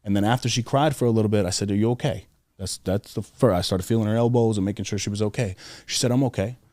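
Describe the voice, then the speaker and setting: A young man talks earnestly as a podcast guest. His voice sits somewhat low, and the sound is close and dry. He tells stories in a loose, conversational way, often pausing on fillers and restarting his sentences. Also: fairly even intonation, a little mellow, no room sound. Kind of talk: casual interview conversation.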